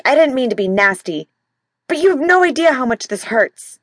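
A woman's voice: sits high, big pitch swings, moderate pace, no room sound, clean studio sound, pitched above the performer's own voice. Woman voicing an irritable man in pain. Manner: snapping, complaining through gritted teeth. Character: impatient adult man in pain.

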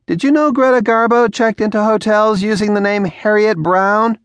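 A man's voice: high voice, steady tone, fairly bright tone, clear, resonant tone, no room sound, voice pushed up. A man voicing a teasing young woman. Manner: teasing, quick comebacks. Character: playful teasing young woman, sharp-tongued.

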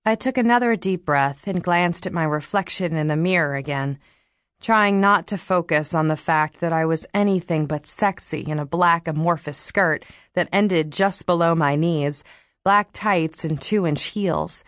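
A woman narrating an audiobook in the first person, reading in a wry, expressive way into a studio microphone. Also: fairly low pitch, measured pace, dry recording.

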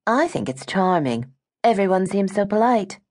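A woman's voice: medium pitch, sing-song, normal speed, darkish tone, voice pushed up. A woman voicing a sheltered, earnest young British woman in an audiobook.

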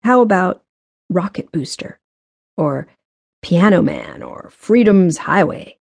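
A woman's voice: on the low side, lively intonation, takes it slowly, creaky, breathy edge, no echo, full character voice. A woman narrator voicing a male gardener who is earnest and conflicted, speaking hesitantly and apologetically in a storybook reading. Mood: teasing.

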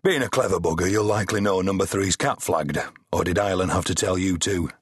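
Guy doing a gruff crude old police boss, low husky voice, blunt. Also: brisk, no echo, clean studio sound. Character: bluff older male police chief, crude and blunt.

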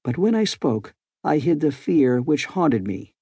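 A male narrator reads an old adventure novel in a measured, formal cadence. His voice is husky and mellow with a relaxed warmth, and the close studio recording is dry with no room sound. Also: on the high side, dry recording. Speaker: audiobook narrator. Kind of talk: scripted narration.

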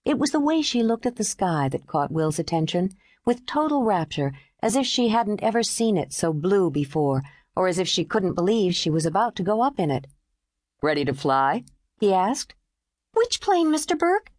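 Expressive female audiobook narrator. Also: medium pitch, no room sound, studio quality. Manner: measured and expressive. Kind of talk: scripted narration.

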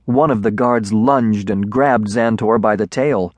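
A man narrating a children's storybook in a measured, expressive way on a close studio mic. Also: on the low side, no room sound, muffled recording. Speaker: audiobook narrator.

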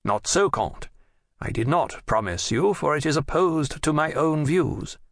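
A man voicing a young king who speaks with firm, measured authority in an audiobook. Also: fairly high pitch, expressive, no room sound, studio quality, pitched above the performer's own voice. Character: young male king, firm and self-assured.

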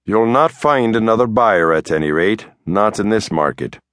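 A man voicing a brisk, smooth-talking female lawyer, cool and increasingly impatient. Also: fairly low pitch, expressive, a bit bright, no echo, clean studio sound. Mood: curt. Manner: smooth, curt, grows impatient. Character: brisk, slippery woman lawyer, middle-aged.

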